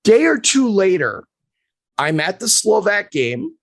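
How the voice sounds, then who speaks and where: A male sports agent telling a story on a podcast, animated and acting out the quotes, in a dry, close recording. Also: sits high, slow pace, creaky, dry recording.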